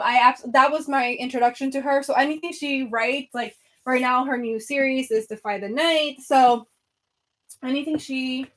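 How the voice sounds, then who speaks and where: A young woman chatting casually on a book livestream, out of breath, talking eagerly with lots of fillers and restarts. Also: sits high. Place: home room by her bookshelves.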